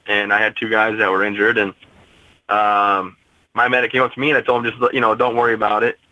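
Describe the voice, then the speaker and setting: A man in his twenties telling a personal story as an interview guest, steady and matter-of-fact. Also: on the low side, a little fast, no room sound, poor audio. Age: 20s.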